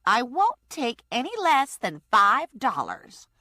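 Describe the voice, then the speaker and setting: A woman voicing a frightened but stubborn old woman with a shrill, pleading manner. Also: huge pitch swings, slow pace, bright, forceful tone, dry recording, exaggerated voice.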